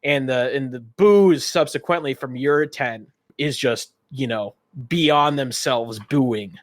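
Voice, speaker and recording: A man's voice: medium pitch, slow pace, no echo, clean studio sound. A man narrating as game master of a tabletop game, describing scenes in a rambling way with many fillers.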